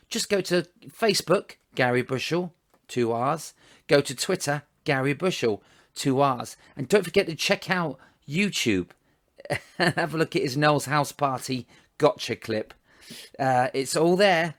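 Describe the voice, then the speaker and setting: A man's voice: medium pitch, no echo. Chatty male podcast host, dry sound. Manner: chatty, laughs often, warm thanks. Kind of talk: casual interview and outro.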